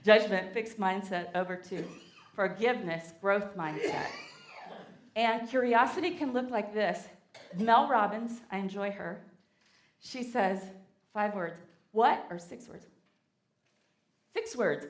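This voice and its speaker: A woman with a Southern US accent delivers a lively, playful sermon, coaxing the congregation into call-and-response. Her voice sits a little high. The sound carries the echo of a church sanctuary. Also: measured pace. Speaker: guest speaker. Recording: echoey sanctuary.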